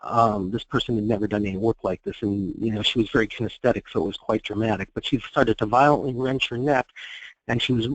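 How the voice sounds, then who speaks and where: A man presenting a therapy case at a conference, telling it in a measured, explanatory way with frequent fillers. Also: lowish voice, dry recording, rough recording. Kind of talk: conference talk, case storytelling.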